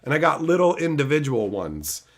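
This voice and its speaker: Animated, swearing man streaming. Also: on the high side, moderate pace. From Canada. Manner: animated, profane ranting, answering chat by name. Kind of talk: live-stream chat with viewers.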